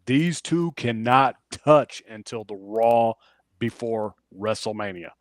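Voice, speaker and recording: Male wrestling podcast co-host, animated recap style, dry sound. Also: on the low side, slow pace, dry recording. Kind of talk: casual chat.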